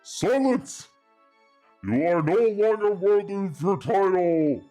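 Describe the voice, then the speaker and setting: A woman voicing a stern old male judge in a dream, loud and commanding. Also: mid-range voice, animated, slow pace, faint music behind, pitched above the performer's own voice. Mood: furious.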